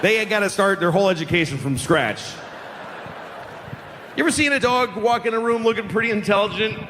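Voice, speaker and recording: A man's voice: high voice, a little fast, slight background noise. Profane man in his forties doing stand-up. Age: 40s. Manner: profane, deadpan storytelling. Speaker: stand-up comedian. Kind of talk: stand-up storytelling. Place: live stage with an audience. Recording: live hall recording with long reverb.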